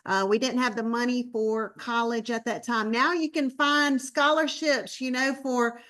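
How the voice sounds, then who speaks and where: A woman in her fifties with a North Carolina Southern accent speaks as a guest in a casual online presentation, bubbly and chatty. Her fairly high, slightly bright voice keeps a fairly even intonation at an unhurried pace.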